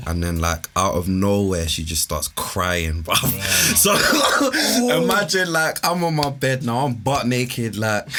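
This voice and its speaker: Young man telling a story. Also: fairly low pitch. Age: young adult. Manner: relaxed slangy storytelling. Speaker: podcast co-host. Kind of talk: casual storytelling chat.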